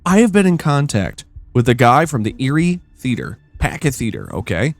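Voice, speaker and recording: A man's voice: mid-range voice, wildly swooping pitch, normal speed, creaky, no echo, soft background music. A man hosting a podcast, telling stories in an exasperated, profane casual rant. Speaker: podcast host. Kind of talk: casual ranting storytelling.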